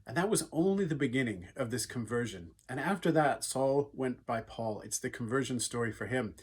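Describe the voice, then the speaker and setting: Earnest husky-voiced man giving a devotional talk. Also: mid-range voice, animated, normal speed. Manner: earnest, conversational, with frequent fillers. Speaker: youth speaker. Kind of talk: devotional talk retelling a Bible story.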